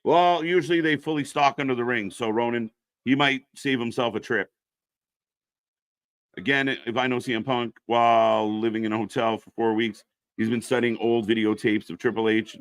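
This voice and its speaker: A man hosts a casual live stream, calling wrestling action and answering viewers from chat. His voice is bright and forward, recorded close and dry at a desk microphone with no room sound. His delivery is chatty and reactive. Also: mid-range voice, moderate pace, no echo. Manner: chatty, reads chat names aloud, reacts to the match. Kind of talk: casual live alternative commentary.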